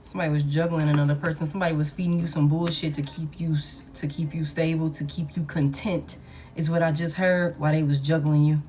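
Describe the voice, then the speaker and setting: A woman's voice: low-pitched, little pitch movement, quick pace, mellow, a little hiss or hum. A woman giving a casual collective tarot reading, blunt and profane, who repeats her points for emphasis. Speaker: tarot reader.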